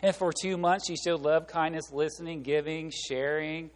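A man with a high voice preaches to his congregation. He is animated and talks to the room directly, acting out the people he quotes. His voice carries a long reverb, as in a large church sanctuary. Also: normal speed. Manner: animated, acts out voices and quotes, laughs along. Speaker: pastor. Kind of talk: sermon.

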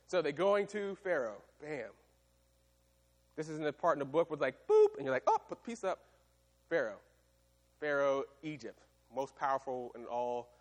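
A man preaching a sermon, retelling a story with lively, animated delivery and acted-out voices. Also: fairly high pitch, long reverb tail. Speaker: pastor.

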